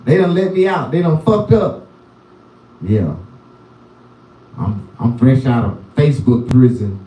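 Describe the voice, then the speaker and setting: A man riffing loose, profane stand-up, his voice mellow and soft-edged yet jumping around a lot in pitch. He sounds set back from the mic in a roomy, echoing space. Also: animated, unhurried, recorded from a distance. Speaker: comedian. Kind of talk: rambling stand-up on a live stream.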